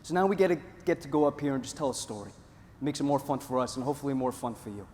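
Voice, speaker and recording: A man from Northeast Pennsylvania giving a jokey, energetic conference talk to a live audience. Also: mid-range voice, quick pace. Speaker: conference presenter. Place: large conference hall. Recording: hall reverb, faint room noise.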